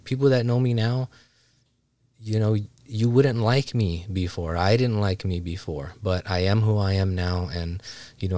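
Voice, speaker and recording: A man with a very low voice hosts his own podcast, speaking candidly and with some strain of emotion. He rambles loosely, leaning on fillers as he talks. The sound is dry and close, with no room around it. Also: darkish tone, no room sound. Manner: candid, rambling, heartfelt, many "you know" fillers. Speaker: podcast host. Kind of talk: casual solo podcast talk.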